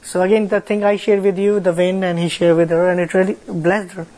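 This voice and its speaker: A young man with an Indian accent, leading a church fellowship, shares a testimony in halting speech, repeating words and filling with "like" and "you know". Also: high-pitched, little pitch movement, mellow, rough recording. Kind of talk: sharing a testimony with a congregation.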